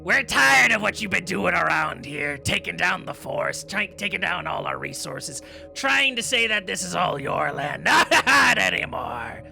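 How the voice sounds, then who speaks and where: A man's voice: high voice, sing-song, a little slow, gravelly, few pauses, pushed and bright, faint music behind, pitched above the performer's own voice, full character voice. A man voicing a small, frothing, angry male gnome who rants and threatens. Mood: threatening. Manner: threatening, ranting.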